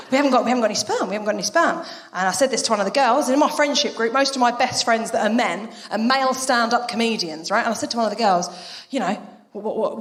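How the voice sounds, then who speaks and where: Woman, stand-up comedian, high voice, very animated delivery, swearing, long hall reverb. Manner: brash, swearing, quick act-outs of others. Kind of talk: live stand-up set. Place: theatre stage before a laughing audience. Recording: roomy hall reverb, live venue.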